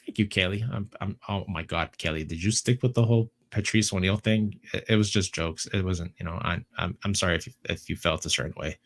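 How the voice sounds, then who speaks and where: A man hosting a casual podcast, telling stories in an animated way with lots of swearing and repetition. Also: low voice, fairly quick, few pauses. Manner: animated storytelling, swearing, repeats himself. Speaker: podcast host. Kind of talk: casual chat.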